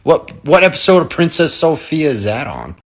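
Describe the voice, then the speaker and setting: A man's voice: fairly high pitch, wildly swooping pitch, moderate pace. A man, an uncle, telling a story in a laid-back, swearing, amused way. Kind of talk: casual storytelling.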